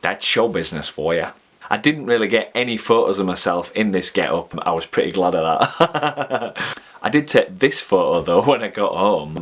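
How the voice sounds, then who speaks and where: Low-voiced Yorkshire man, jokey chat. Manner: jokey and self-mocking, chuckles often. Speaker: vlogger and TV extra. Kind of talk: casual chat.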